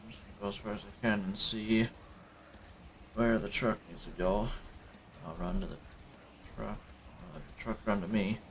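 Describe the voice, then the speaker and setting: A man giving casual, low-key commentary as he plays a farming game, often muttering to himself. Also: animated, a little slow, creaky, pauses often, slight background noise. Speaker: streamer playing a farming game.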